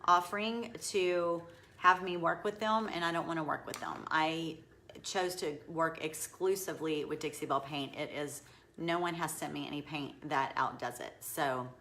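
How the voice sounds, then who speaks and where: A middle-aged woman who paints furniture chats casually on a live stream, rambling as she demonstrates her craft and reading viewer comments aloud. Her voice is low and a bit bright, with fairly even intonation at a moderate pace.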